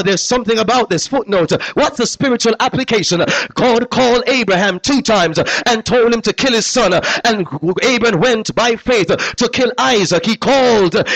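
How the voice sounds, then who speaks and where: A man delivers a sermon in a notably high voice. He leans on call-and-response, repetition and steady "uh" fillers. He swings between quiet, low asides and loud, soaring exclamations. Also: gravelly. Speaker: pastor.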